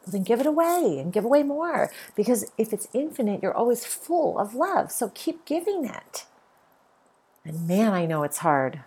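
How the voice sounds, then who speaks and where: A woman's voice: fairly high pitch, sing-song, normal speed, a little mellow, breathy edge. A middle-aged woman hosting a podcast, giving an earnest spiritual monologue and repeating her points for emphasis. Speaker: podcast host.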